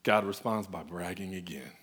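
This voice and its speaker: A man's voice: deep voice, normal speed, a bit bright, slightly rough. A man preaching a conversational sermon, earnest and emphatic, speaking off the cuff.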